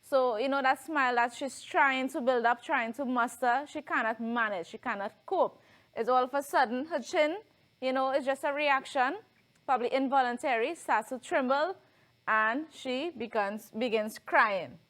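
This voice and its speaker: A woman's voice: high voice, moderate pace, fairly bright tone. Trinidadian woman teaching a lesson. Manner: explanatory, asks frequent "right?" checks. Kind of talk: televised classroom lesson.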